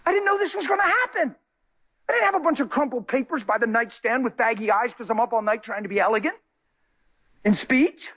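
A man gives an emotional testimony to a church, impassioned and emphatic, his voice swinging from high cries to low murmurs. He is animated and brisk, and his voice sounds pushed and bright. The audio is poor.

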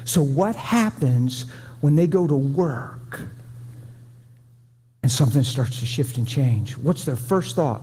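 A man's voice: mid-range voice, expressive, a little slow, long pauses, dark tone, breathy edge. A man preaching a sermon to a room, folksy and conversational, pleading with his listeners. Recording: long hall reverb.

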